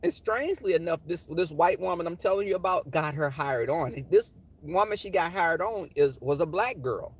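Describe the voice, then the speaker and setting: A man's voice: a little high, moderate pace, few pauses, husky. A man telling sassy, dramatic workplace stories while driving his car. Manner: sassy, animated, dramatic storytelling. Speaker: vlogger. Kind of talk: storytelling chat while driving.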